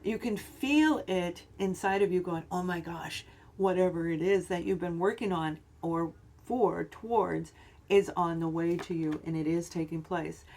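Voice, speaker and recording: A woman's voice: fairly low pitch, darkish tone. Upbeat, encouraging woman reading tarot. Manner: upbeat, encouraging, drawn-out emphasis with some fillers. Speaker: tarot reader.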